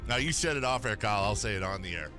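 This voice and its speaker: A man's voice: lowish voice, lively intonation, over music. A man hosting a sports radio show in a studio, trading jokes and self-mocking banter with his co-host. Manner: joking, self-mocking, quick laughs. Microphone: studio microphone.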